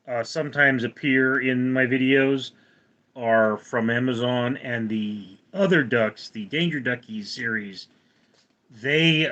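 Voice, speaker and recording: Hosting a laid-back livestream, this Californian man has a medium-pitched, fairly bright voice captured on a muffled recording. He wanders from topic to topic, reading out chat messages and responding to what viewers ask.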